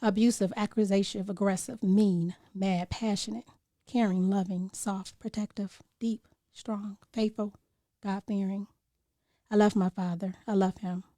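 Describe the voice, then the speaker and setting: A woman's voice: mid-range voice, steady tone, a little slow, mellow. Woman, spoken-word poem, earnest, near-whispered passages, dry, no room echo. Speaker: podcast guest.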